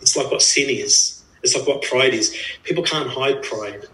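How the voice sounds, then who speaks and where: A man's voice: medium pitch, normal speed, sharp tone. A man preaching an earnest, emphatic sermon, repeating phrases for stress. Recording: echoey room, voice from a distance.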